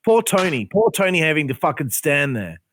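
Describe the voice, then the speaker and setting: A man's voice: fairly high pitch, very animated, a little fast, fairly bright tone, slight background noise. A man ranting in a casual podcast chat, swearing constantly and sounding exasperated. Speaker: podcast host. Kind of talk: heated casual rant.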